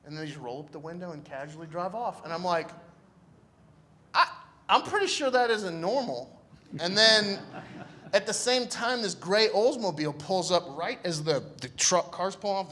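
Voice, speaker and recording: A man's voice: high-pitched, fairly bright tone. A young man telling a personal story to a live audience, laid-back and joking, acting out the people in it. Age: young adult.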